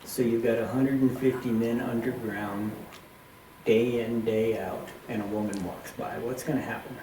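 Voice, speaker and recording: A man working as a tour guide, telling a ghost story in a lively way and acting out what people said, in an underground mine tunnel. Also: mid-range voice, moderate pace. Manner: animated retelling with acted quotes. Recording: echoey tunnel, faint noise.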